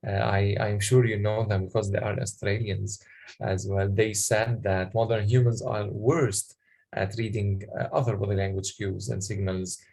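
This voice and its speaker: A man presenting a workshop, explaining in a halting way with many pauses and questions to the audience. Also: fairly low pitch, flat delivery, creaky, darkish tone, breathy edge.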